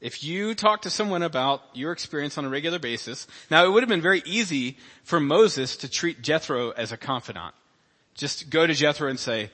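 Man, pastor, conversational sermon, bright forceful tone, long church reverb. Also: a little high, very animated, brisk. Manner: conversational preaching with asides and acted quotes. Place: church sanctuary.

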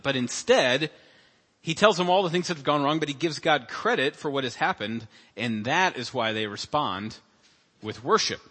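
Man, pastor, conversational sermon, bright forceful tone, long church reverb. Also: medium pitch, expressive, normal speed. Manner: conversational preaching with asides and acted quotes. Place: church sanctuary.

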